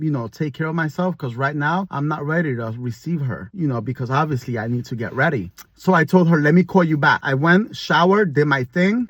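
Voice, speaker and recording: A man's voice: fairly high pitch, a bit bright, no echo, dull audio. A man telling a long, rambling story to camera as a vlogger, with frequent restarts and fillers. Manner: talks in long run-on stretches with restarts and fillers.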